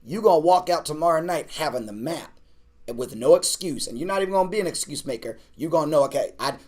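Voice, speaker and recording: A man's voice: a little high, expressive, fast. A man, a pastor, talking casually to an online class, urging and repeating himself as he builds energy. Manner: repetitive, exhorting, building to shouts; casual, uses "man" and "y'all". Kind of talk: energetic preaching pitch to an online audience.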